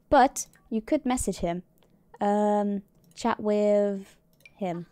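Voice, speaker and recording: Drawing out her words in a mellow, clean mid-range voice, a woman streamer gives casual gameplay commentary, chatting, muttering to herself, and swearing mildly. No echo, just dry sound and faint music underneath.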